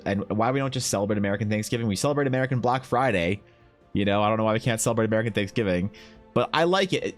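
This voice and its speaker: A young Canadian man streaming, chatting loosely and profanely while answering his chat. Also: fairly low pitch. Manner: rambling, loose and profane, reads chat aloud. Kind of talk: casual chat while drawing.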